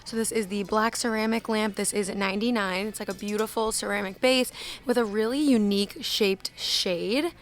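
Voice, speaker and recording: This is a young woman with a voice of ordinary pitch, chatting casually as she films a walkthrough of a store. Her talk is loose and full of "like", and she reads out prices as she goes. It sounds like a phone recording made inside a large store. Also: fairly even intonation, moderate pace, slight background noise. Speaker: shopping vlogger.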